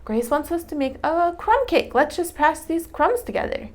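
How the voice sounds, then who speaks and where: A woman's voice: high voice, big pitch swings, moderate pace, voice pushed up. A woman doing a bubbly literal-minded baker lady.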